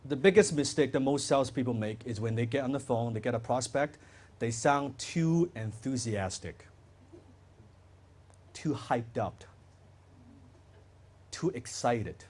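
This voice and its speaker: A man giving a lively live sales seminar, quizzing the audience with questions. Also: mid-range voice, a little slow, long pauses. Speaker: sales trainer and seminar speaker. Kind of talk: live motivational seminar talk.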